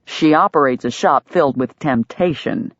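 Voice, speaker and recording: A woman reading an audiobook, voicing a gruff, stern young livery owner with a clipped manner. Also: low voice, normal speed, no room sound. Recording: dull, dry lo-fi sound.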